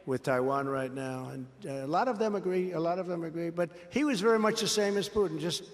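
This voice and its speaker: A slightly high-voiced older politician talks fairly quickly at a big rally, boasting and circling back to the same points as he acts out conversations with others. The hall adds a long reverb.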